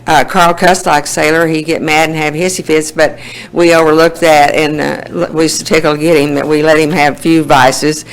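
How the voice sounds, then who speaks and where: A woman's voice: sits low, little pitch movement, moderate pace, smooth, low-quality recording. A woman in her sixties with an Oklahoma accent, telling her life story in a folksy way at a recovery meeting, laughing often. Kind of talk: personal testimony.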